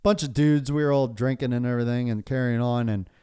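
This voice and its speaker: A man's voice: mid-range voice, steady tone, fast, mellow, clean tone. A man from Pennsylvania hosting a podcast, telling a story in casual chat, swearing often and laughing through it. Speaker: podcast host.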